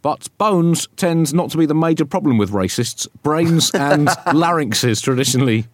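A man's voice: on the high side, expressive, moderate pace, no echo. A man co-hosting a satirical comedy show, mock-serious and sardonic, often laughing at his own jokes. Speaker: co-host.

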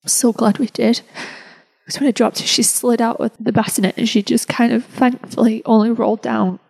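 A woman podcast host telling a personal story in an emotional, halting way, with many restarts. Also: fairly high pitch, level tone, creaky, darkish tone, rough recording.

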